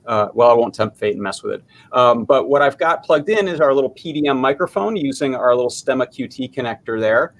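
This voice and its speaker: A man's voice: medium pitch, animated, a little fast, few pauses. A man casually demoing a maker project on a video call, explaining step by step with plenty of fillers.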